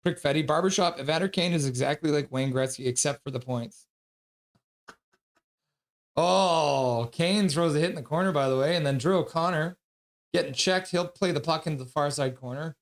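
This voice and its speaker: A man's voice: on the high side, normal speed. A man hosting a live stream, calling hockey play-by-play in a casual, chatty way and joking with chat between calls.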